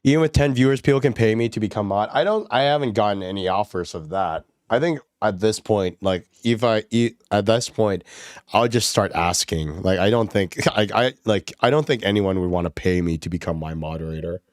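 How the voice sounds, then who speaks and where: A man's voice: fairly low pitch, brisk, dry recording, studio quality. A male streamer chatting casually while gaming, giggling often and rambling with lots of fillers. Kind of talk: casual livestream chat.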